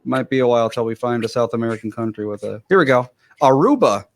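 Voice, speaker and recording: A man's voice: medium pitch, expressive, fast talker. A man co-hosting a podcast, chatting casually and making wry jokes. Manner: wry, joking, reads lists aloud. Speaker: podcast co-host. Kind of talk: casual chat.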